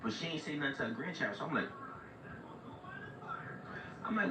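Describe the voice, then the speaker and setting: Man livestreaming a story, slangy and animated, set back from a muffled mic in an echoey room with noise and a TV behind. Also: on the high side, a little fast, pauses often, distant mic. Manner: animated street slang, repeats "like" and "right?". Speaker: livestream host telling a story. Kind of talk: casual storytelling.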